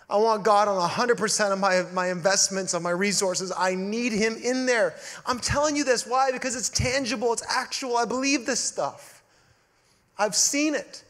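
A pastor preaching to his congregation, emphatic and earnest, swinging between loud declarations and quiet, intimate asides. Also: high-pitched. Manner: emphatic preaching, swelling and dropping to a hush. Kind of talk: sermon.

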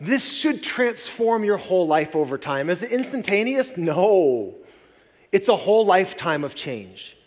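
Male pastor, 40s, high voice, lively conversational sermon with humor, hall reverb. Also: unhurried. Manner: lively, conversational preaching with jokey asides. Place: church sanctuary. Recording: long reverb of a large hall.

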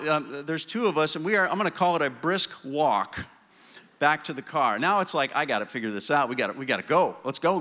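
A man telling a self-deprecating story from the pulpit, his voice bright and forward. The sound carries a long reverberant tail from a church hall. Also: fairly high pitch. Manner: storytelling, self-deprecating, slows and softens for the lesson. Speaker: church speaker sharing a story. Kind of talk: sermon story.

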